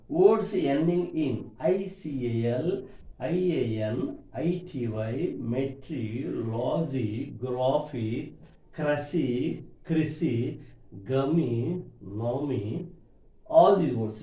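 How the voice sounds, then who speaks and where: A man's voice: mid-range voice, animated, slow pace, dark tone. A man teaching word stress, spelling out words letter by letter and calling his listeners "my dear students". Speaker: English teacher. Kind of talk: classroom lecture on word stress. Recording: echoey room.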